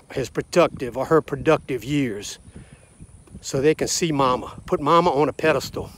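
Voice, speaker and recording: A man's voice: mid-range voice, slight background noise. A man in his sixties or seventies from the United States, delivering a blunt, combative, preachy rant straight to camera. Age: 60s to 70s. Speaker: vlogger. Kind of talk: ranting monologue to camera.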